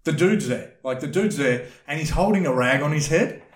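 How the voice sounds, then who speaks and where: A man's voice: on the high side, moderate pace, reverberant. Rambling guy telling a story. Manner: rambling, animated, swears freely. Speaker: podcast guest telling a story. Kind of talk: casual storytelling.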